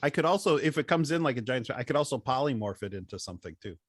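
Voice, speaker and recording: A man's voice: mid-range voice, animated, rapid-fire, no room sound, studio quality. A man playing a tabletop game over a call, easygoing and playful as he plans his character's moves. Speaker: player.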